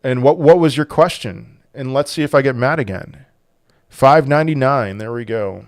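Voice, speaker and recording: Halting man hosting a crypto livestream. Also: mid-range voice, no room sound, clean studio sound. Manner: halting, full of restarts, turns loud and heated when angry. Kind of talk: casual livestream chat reading viewer questions.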